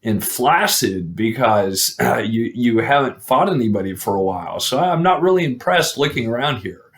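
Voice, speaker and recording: A man's voice: mid-range voice, big pitch swings, moderate pace. A man voicing a mocking giant green knight, keeping his own loose, chatty delivery. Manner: taunting, loose and conversational.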